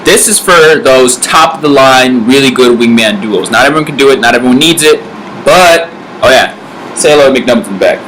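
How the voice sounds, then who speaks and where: A man's voice: mid-range voice, expressive, brisk, fairly bright tone, a little hiss or hum, rough recording. Laid-back young man giving bro advice. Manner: laid-back bro talk, filler-heavy, acts out little scenes. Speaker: vlog host giving dating advice. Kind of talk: casual comedic advice vlog.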